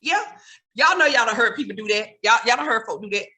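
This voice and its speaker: A woman's voice: on the high side, fast talker. A woman comedian doing stand-up, talking straight to her audience and teasing them. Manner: animated, teasing direct address to the audience.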